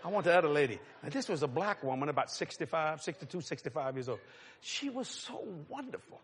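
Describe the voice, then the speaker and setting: A man preaching a storytelling sermon, animated and laughing, sometimes dropping to a hush. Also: fairly high pitch, brisk, a little hiss or hum. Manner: animated, laughing storyteller with sudden hushed drops.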